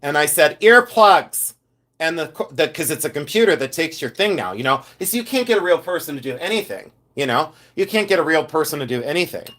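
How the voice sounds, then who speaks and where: A man's voice: fairly high pitch, animated, quick pace, few pauses, fairly bright tone. A man hosting a casual live stream, telling rambling, repetitive stories with exasperated asides. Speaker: live-stream host selling gemstones.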